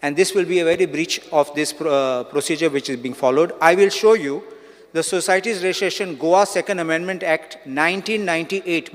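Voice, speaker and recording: A man, a legislator and advocate, raising formal objections in a debate and citing statutes, dates and constitutional articles. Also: fairly high pitch. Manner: legalistic, cites statutes and dates. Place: legislative assembly hall. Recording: long reverb in assembly chamber.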